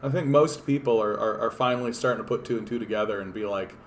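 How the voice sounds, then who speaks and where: A man's voice: on the low side, fast talker, slight background noise. A man from Canada hosting a political livestream, talking in a casual, rambling, profane and sardonic way with lots of fillers and restarts.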